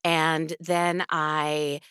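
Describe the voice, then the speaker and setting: A woman's voice: low voice, flat delivery, drawn-out words, a bit bright, clear, resonant tone, no echo, clean studio sound. A woman in her forties, a voiceover artist, chatting in an interview and laughing often. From Queens, New York. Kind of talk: casual interview chat.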